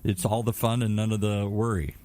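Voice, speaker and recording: An older man, a grandfather, chatting casually on a talk radio show, jovial and quick to laugh. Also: fairly low pitch, level tone, mellow. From Irish heritage. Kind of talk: casual chat.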